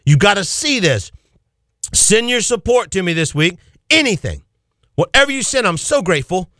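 A man delivers a radio sermon in a high, lively voice that leaps up and down. His tone is bright and cutting, and he drives each point home with fervent repetition. The sound is close and dry. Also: moderate pace, dry recording. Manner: fervent, exhorting, repeats key phrases. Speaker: preacher.

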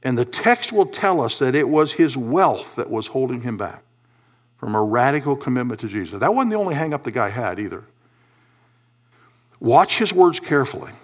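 A man delivering a sermon from the pulpit. His delivery is lively and emphatic, jumping from hushed low lines to loud, high, pressing peaks. He sounds like a pastor working a congregation. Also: moderate pace. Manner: animated preaching, rising to loud emphatic peaks and dropping to low asides.

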